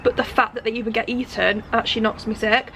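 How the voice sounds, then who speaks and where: A young woman talks casually to her phone camera in a vlog. Her voice sits fairly high and she is chatty and giggly. A faint hiss of background noise runs underneath. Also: flat delivery, quick pace, a bit bright. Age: 20s. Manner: chatty, bubbly, giggly asides. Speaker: vlogger. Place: large indoor shopping centre. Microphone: phone held at arm's length.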